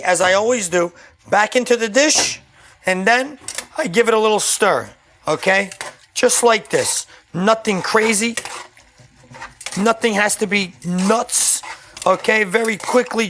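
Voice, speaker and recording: A man's voice: high-pitched, a bit bright, a little hiss or hum. A man hosting a home cooking show, demonstrating a dish in a casual, chatty way and often checking in with "okay?". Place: home kitchen.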